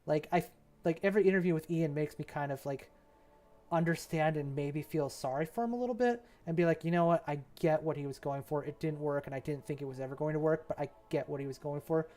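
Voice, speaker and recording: A man's voice: on the high side, quick pace, mellow. A young man chatting casually as he streams, rambling and laughing often. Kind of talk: casual chat while mapping.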